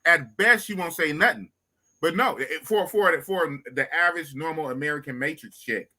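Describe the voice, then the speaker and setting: Fired-up podcast host, very bright voice. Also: male voice, on the high side, moderate pace. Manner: emphatic hype, cheering the guest on. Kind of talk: casual podcast chat.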